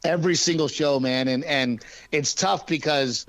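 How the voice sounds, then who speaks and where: A man with a somewhat high voice talks as an interview guest, an animated storyteller who slips into little acted-out arguments. The sound is dry and close, with no room around it. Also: normal speed, dry recording, poor audio. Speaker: stand-up comedian and guest. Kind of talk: casual interview chat.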